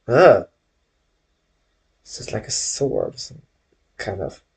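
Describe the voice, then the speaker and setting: A man's voice: on the low side, huge pitch swings, vocal fry, darkish tone, husky. A man drawing on a live stream from his bedroom, rambling to his viewers and often correcting himself. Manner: slow, rambling, self-correcting, talks to chat. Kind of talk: casual live-stream chat while drawing.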